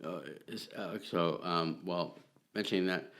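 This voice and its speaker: A man with a fairly low voice co-hosts a casual podcast. He stammers and repeats words, often second-guessing himself. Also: fairly even intonation, a little slow, a bit bright. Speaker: podcast co-host. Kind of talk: casual chat.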